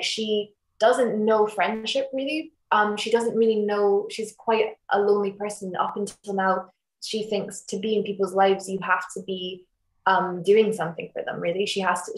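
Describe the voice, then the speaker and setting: A young woman actress chatting casually in an interview, rambling with restarts and fillers over a video call. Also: medium pitch. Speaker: actress interviewed about her series. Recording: echoey room.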